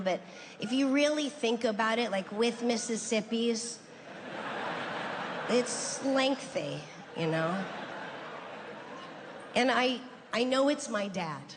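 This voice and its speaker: A woman's voice: on the high side, background noise. A middle-aged woman doing stand-up, telling a family story in a loose, conversational way and acting out relatives' voices. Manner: conversational, lots of "like" and restarts, acts out family members' voices. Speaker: stand-up comedian. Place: comedy stage in a large venue. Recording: reverberant hall with faint ambience.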